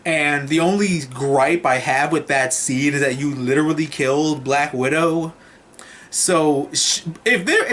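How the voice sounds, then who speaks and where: Excitable and a bit high-voiced, this male film reviewer rambles through a movie recap. He curses freely and addresses the camera like he's hanging out with friends.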